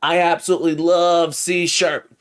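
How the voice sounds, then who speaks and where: A man's voice: fairly high pitch, little pitch movement, normal speed, clean tone. A man hosting a livestream, chatting casually and cheerfully greeting viewers by name, sometimes drawing out names in a sing-song way. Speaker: livestream host. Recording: soft background music. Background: background music.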